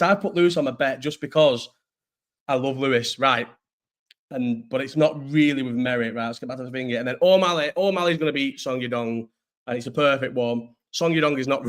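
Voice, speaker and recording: A man's voice: mid-range voice, a bit bright. A young man chatting casually on a livestream, rambling, swearing and answering viewers. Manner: rambling, slangy, swears freely, answers chat. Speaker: streamer reacting to chat.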